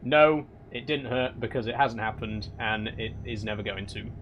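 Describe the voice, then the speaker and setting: A young man answers his live chat in a dry, rambling way, and often feigns exasperation. His voice sits at an everyday middle pitch. Faint game engine noise hums behind him. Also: moderate pace, dull audio. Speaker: streamer reading live chat. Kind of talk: casual live-stream chat while driving a truck game.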